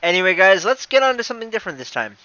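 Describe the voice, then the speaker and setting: A man chatting casually on a gaming live stream, excitable and prone to loud exclamations. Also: high voice, racing, clean tone, no room sound, highs cut off.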